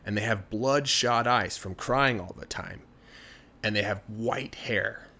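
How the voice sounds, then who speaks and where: A man with a lowish voice tells a folktale in a relaxed, chatty way. He sounds animated and easygoing, asking his listeners along as he goes. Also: a little slow. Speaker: storyteller. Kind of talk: casual storytelling.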